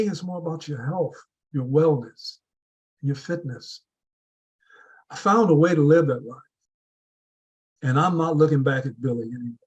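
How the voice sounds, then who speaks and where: A man's voice: a little high, a little mellow, husky, muffled recording. A man giving a prepared motivational speech at a public speaking club, earnest and building with repeated rhetorical questions.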